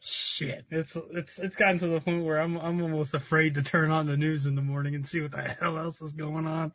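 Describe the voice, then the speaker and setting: A man co-hosting a podcast, telling animated, profane stories and laughing as he talks. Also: fairly high pitch, a little fast. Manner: animated storyteller, swears, laughs a lot. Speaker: podcast co-host. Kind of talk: casual chat. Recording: dry, dull lo-fi sound.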